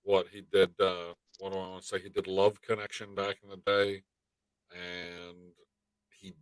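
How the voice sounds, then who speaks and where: A man's voice: deep voice, unhurried, clear, resonant tone, dry recording, low-quality recording. A man co-hosting a casual live-stream chat, rambling and swearing freely as he talks. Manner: profane, animated rambling. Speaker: podcast co-host.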